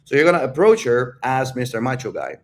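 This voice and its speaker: A man's voice: mid-range voice, big pitch swings, a little fast, a little hiss or hum. Blunt, profane male dating coach. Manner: blunt, profane and emphatic, repeats key phrases; addresses viewers directly, asks if they follow. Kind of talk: casual livestream Q&A.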